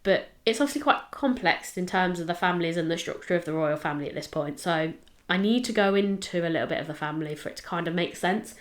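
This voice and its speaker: A woman's voice: on the low side, lively intonation, quick pace, hardly any pauses. A woman co-hosting a podcast, telling a history case in rambling casual chat. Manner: chatty, rambling, with fillers and self-checks. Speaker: podcast co-host presenting the case.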